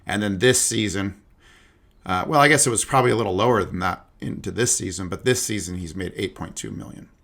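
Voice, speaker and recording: A man's voice: on the low side, a little fast, a bit bright. A young adult man hosting a casual golf podcast, chatty and loose, full of asides and fillers. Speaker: podcast host.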